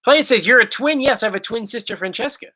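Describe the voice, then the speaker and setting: This is a man hosting a relaxed question-and-answer video, joking his way through stories of his own pranks. His voice comes across bright and forceful, and his delivery stays goofy and playful throughout. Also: extremely high pitch, quick pace. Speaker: YouTube host. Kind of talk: casual Q&A chat.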